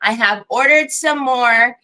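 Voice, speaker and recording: A middle-aged woman hosts a craft livestream. Her voice is bright and sits a little high, and she rambles in easy chat and greets viewers by name. She laughs often between thoughts. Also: slow pace, low-quality recording.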